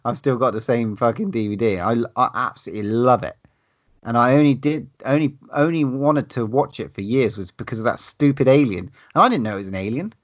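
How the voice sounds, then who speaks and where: Male co-host, mid-pitched, eager and sweary, on a dull lo-fi recording. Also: fairly quick. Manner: enthusiastic, sweary, laughs between phrases. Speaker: podcast co-host. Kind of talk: casual film chat.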